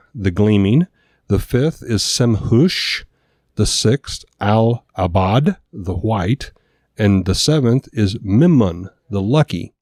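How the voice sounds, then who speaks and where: Male podcast co-host, low mellow voice, dry close sound, casual reading from notes. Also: dry recording. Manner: reads notes aloud, stumbles over names.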